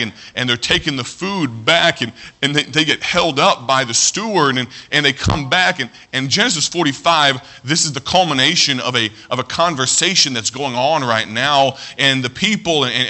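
A man preaching a sermon as pastor, earnest, often restarting his phrases and slowing down to read scripture. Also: mid-range voice, bright, forceful tone.

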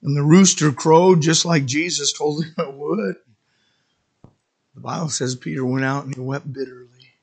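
A man preaching a sermon and telling stories dramatically, swinging from loud to hushed. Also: on the high side, steady tone, normal speed, breathy edge. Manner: dramatic storytelling, sudden shifts from loud to hushed.

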